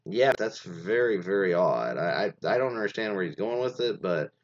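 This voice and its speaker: Low-voiced male host, casual rambling chat, lots of fillers, lively pitch, dull lo-fi recording. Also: moderate pace. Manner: rambling, many fillers and restarts. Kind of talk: casual commentary on reader stories. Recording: dull lo-fi sound.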